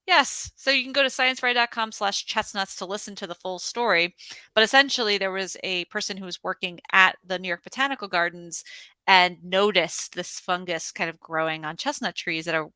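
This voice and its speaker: Bright, crisp-voiced woman trivia host. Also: lowish voice, no room sound. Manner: bubbly, chatty, laughs often. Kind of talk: casual virtual trivia hosting. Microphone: video call.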